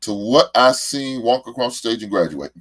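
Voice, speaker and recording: A man's voice: medium pitch, lively intonation, normal speed, fairly bright tone. A middle-aged man, a show host and father, talking in a casual, heartfelt monologue and often repeating words as he rambles.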